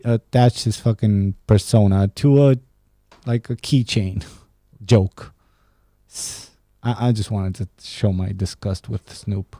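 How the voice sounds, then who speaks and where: A young man from Romania hosts a casual solo podcast, talking loosely and profanely and laughing at his own jokes. His voice sits low and dark. It is recorded close and dry, with no room around it. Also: no echo. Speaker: podcast host. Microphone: studio podcast mic.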